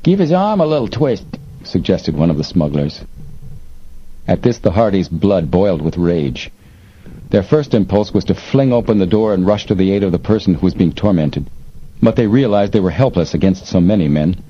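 Low-voiced male audiobook narrator. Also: moderate pace. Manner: expressive, steady storytelling. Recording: dull lo-fi recording, faint hiss.

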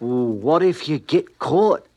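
An actor playing a poor drifter, chatty and cheeky, narrating in an old-time radio drama. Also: male voice, on the high side, lively intonation, slow pace, a little mellow. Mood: wry. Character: poor male drifter, down on his luck.

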